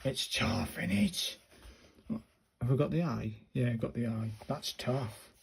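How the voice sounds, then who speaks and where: A man slowly talking his viewers through handwriting practice, muttering each stroke as he writes. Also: mid-range voice, lively intonation, gravelly, slight background noise. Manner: slow, muttering step-by-step to himself and viewers. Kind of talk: casual narrated handwriting practice.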